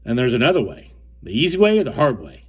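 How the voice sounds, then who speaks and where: A young man from the United States tells a fishing story in a casual, rambling way. He restarts and repeats himself often, and his tone stays firm and indignant, at an ordinary mid pitch. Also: huge pitch swings, fast, breathy edge. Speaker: fishing co-angler telling a story.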